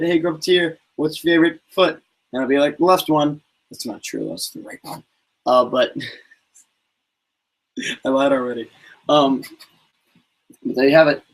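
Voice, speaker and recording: Husky young man rambling on a livestream. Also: medium pitch, rough recording. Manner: rambling, jokey, mock-serious. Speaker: channel host. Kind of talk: casual livestream chat.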